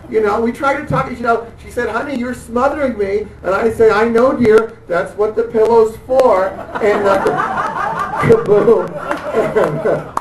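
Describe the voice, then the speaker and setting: Halting high-voiced male stand-up comic. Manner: halting, hesitant delivery with many fillers and restarts; laughs at own jokes. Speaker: stand-up comedian. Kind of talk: dark deadpan stand-up. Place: comedy club stage. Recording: echoey room, distant mic, audience noise.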